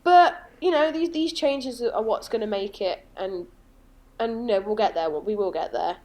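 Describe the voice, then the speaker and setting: A woman in her twenties co-hosting a casual movie podcast, chatty and quick to laugh. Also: medium pitch, a little mellow. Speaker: podcast co-host.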